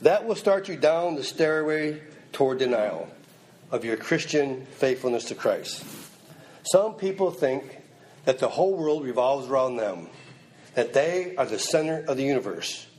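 A man's voice: mid-range voice, expressive, measured pace, darkish tone. Man preaching with emphatic repetition. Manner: preaching with emphatic repetition, acting out quoted lines. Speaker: pastor. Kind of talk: sermon.

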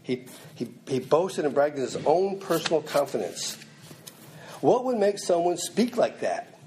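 A man's voice: fairly high pitch, big pitch swings, moderate pace, warm tone, slight background noise. Man preaching with emphatic repetition. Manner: preaching with emphatic repetition, acting out quoted lines. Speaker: pastor. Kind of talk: sermon.

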